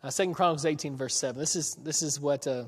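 A man delivers a sermon in a casual, conversational way, asking his listeners questions and chuckling as he goes. His voice sits a little high for a man, and he slows down to act out the lines of the biblical characters. The sound rings with a long reverb, as in a large hall. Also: husky. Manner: conversational, asks the audience questions, chuckles often. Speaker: preacher. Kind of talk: sermon with scripture reading.

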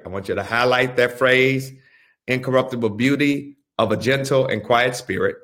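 A pastor teaching a Bible study, who speaks deliberately and repeats phrases for emphasis. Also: male voice, mid-range voice, a bit bright.

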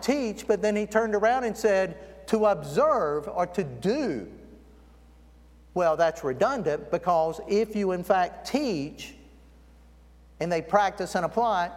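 Brief: male preacher, high voice, storytelling sermon, recorded in a church with a long reverb tail. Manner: storytelling, slows down to stress key words. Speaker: guest preacher. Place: church sanctuary.

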